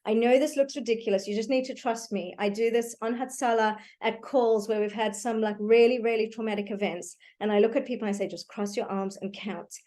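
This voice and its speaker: A woman giving a live online talk to parents, teaching calming techniques in a warm, reassuring way and checking in often with "okay". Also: on the high side, fast talker, few pauses. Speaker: parenting educator. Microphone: computer mic on a video call.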